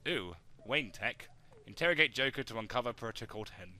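Excitable man narrating gameplay. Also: mid-range voice, brisk. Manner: excitable, joking, talks to viewers. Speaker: let's play gamer. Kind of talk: gameplay commentary.

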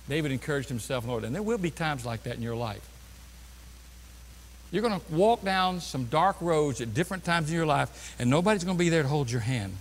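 A man preaching a sermon as pastor, swinging from loud bursts down to quiet, low passages. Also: expressive, brisk, in a large hall. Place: church sanctuary.

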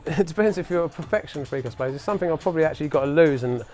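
A man's voice: a little high, expressive, very fast, darkish tone. A man talking loosely as an interview guest about making electronic music, laughing often and imitating sounds with his mouth. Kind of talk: casual interview chat.

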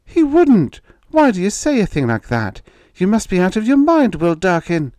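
A frightened, indignant mother crying out against her husband, performed by a man reading a story. The voice is lifted far above his own, loud and strained. Close, dry recording. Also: high-pitched, big pitch swings, normal speed, no echo, voice pushed up. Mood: frantic. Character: frantic frightened mother, adult woman.

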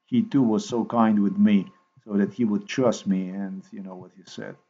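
Low-voiced man rambling in a profane monologue. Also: moderate pace, husky. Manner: repetitive, profane, excitable storytelling. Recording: dull lo-fi recording.

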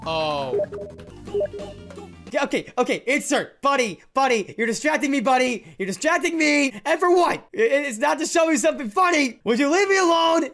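A woman chatting through a rhythm game in casual gameplay commentary, her pitch leaping up and down as she groans and cheers. Her tone stays self-mocking and animated, with faint game music playing behind her. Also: moderate pace. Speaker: gaming YouTuber.

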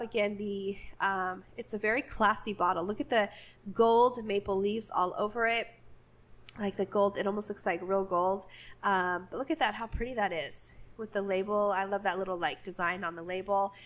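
Young woman vlogger, chatty and gushing, casual walk-through narration, mid pitch. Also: a bit bright.

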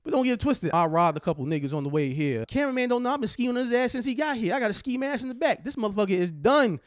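Brash high-voiced man doing stand-up. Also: expressive, fast talker, dry recording, studio quality. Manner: brash, profane, acts out quoted voices. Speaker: stand-up comedian. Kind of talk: stand-up comedy set.

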